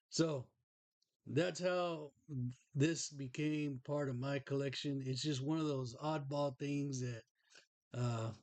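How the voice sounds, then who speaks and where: A man's voice: medium pitch, darkish tone, dry recording. Folksy rambling man. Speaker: podcast host. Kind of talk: casual show-and-tell chat.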